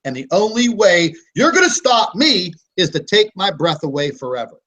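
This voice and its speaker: A man's voice: sits high, very animated, moderate pace, bright, forceful tone. A man hosting a live online hangout, talking in a defiant, combative rant with plenty of fillers. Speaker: host of a live online broadcast.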